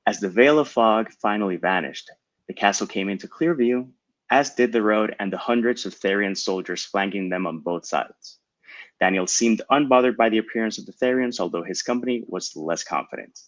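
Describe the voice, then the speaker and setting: A man who hosts a panel, reading a passage of his own novel aloud in a steady storytelling manner. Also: fairly low pitch, normal speed, no room sound. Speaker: host and author. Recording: dull lo-fi mic, dry.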